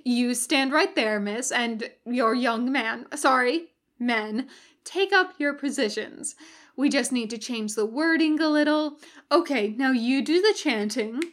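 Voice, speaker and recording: A woman's voice: high voice, a little slow, a bit bright. A woman reading a story aloud, voicing a cheerful, sly male demon with a breezy, chatty manner.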